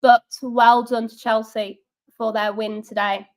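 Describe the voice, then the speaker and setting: Young woman, high voice, sarcastic live-stream football fan host. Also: flat delivery, a little slow. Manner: sarcastic, chatty, reads out viewer comments. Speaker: fan channel watch-along host. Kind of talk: live match watch-along chat.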